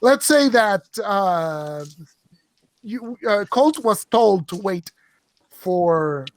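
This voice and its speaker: A man running a tabletop role-playing session as game master, talking in halting, self-correcting phrases. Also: high voice, animated. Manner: halting, thinks aloud, lots of restarts.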